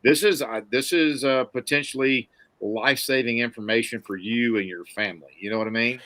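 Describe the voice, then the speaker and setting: A man from Mississippi with a Southern accent, hosting a podcast in casual, folksy, excitable chat. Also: mid-range voice, fairly quick, no echo. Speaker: podcast host.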